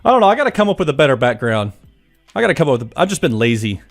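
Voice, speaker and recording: A man's voice: mid-range voice, big pitch swings, very fast, soft background music. A man hosting a live stream from his home office, chatting casually and jokingly, greeting viewers by name. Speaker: livestream host greeting chat.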